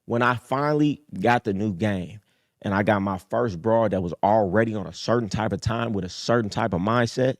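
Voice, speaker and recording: A man in his thirties hosts a live call-in show with a low voice and a streetwise, preachy delivery. He drops to quiet mutters, then jumps up high to hammer a point home. The sound is dry and close, with no room around it. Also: moderate pace, dry recording. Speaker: host. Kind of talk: casual livestream talk.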